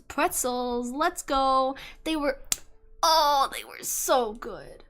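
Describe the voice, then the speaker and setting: A young woman streamer chatting casually, rambling and animated, often laughing as she tells a story. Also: high voice, slow, faint music behind. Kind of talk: casual chat.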